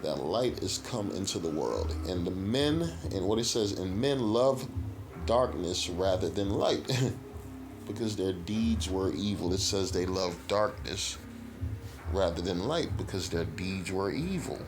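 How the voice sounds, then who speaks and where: Deep-voiced profane street preacher man. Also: expressive, unhurried, music in the background. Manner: profane, rhetorical, keeps asking "right?". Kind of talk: scripture teaching with commentary.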